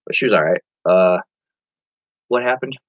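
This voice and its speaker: A man's voice: low-pitched, lively intonation, moderate pace, dry recording, muffled recording. A man chatting casually on a live stream as an online reseller, rambling to viewers and reading their comments aloud.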